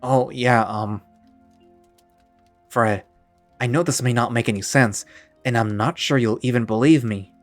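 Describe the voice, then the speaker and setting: A young man weighed down by shame, his thoughts halting and self-reproaching, as a male narrator plays him. The recording is dry, with faint music under it. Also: medium pitch, fairly even intonation, no echo, lightly acted. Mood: hesitant. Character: guilt-ridden young man, unsure and ashamed. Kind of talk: one-man audio drama.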